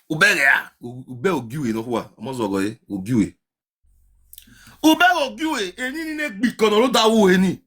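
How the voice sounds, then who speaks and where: A man with a Nigerian accent chatting on a live stream, chanting sing-song calls and swinging between loud shouts and low mutters. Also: husky. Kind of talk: casual live-stream chat to viewers.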